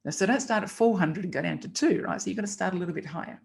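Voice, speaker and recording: Low, gravelly-voiced woman coaching casually. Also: rapid-fire. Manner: acts out client phone dialogue as examples; chatty, emphatic coaching. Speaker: copywriting teacher. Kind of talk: casual instructional talk.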